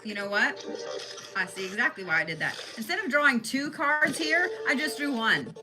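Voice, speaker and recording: A woman's voice: fairly high pitch, expressive, normal speed, low-quality recording. A young adult woman reading tarot cards in a casual, blunt, profane way, speaking straight to her viewers. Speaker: tarot card reader. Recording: loud music behind the voice.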